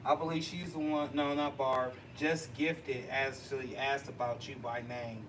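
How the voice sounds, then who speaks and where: A man hosting a casual livestream chat, chatty and excitable, laughing and teasing as he talks. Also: mid-range voice, unhurried. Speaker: livestream host. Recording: distant mic with noisy background.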